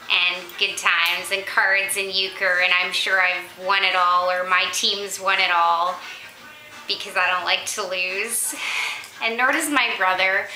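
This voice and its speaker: Vlogging off the cuff from her condo, a woman rambles to the camera with plenty of ums and laughter. Her voice sits at medium pitch with a sharp edge, and the audio is poor, with an echoey room.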